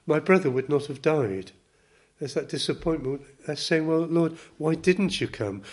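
A man preaching a sermon in a measured, earnest way, with gentle emphasis. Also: mid-range voice.

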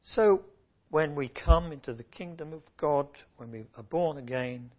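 Man, preacher, earnest sermon, fairly high voice, dull recording. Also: measured pace, darkish tone. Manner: earnest, rising and falling emphasis. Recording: muffled lo-fi recording.

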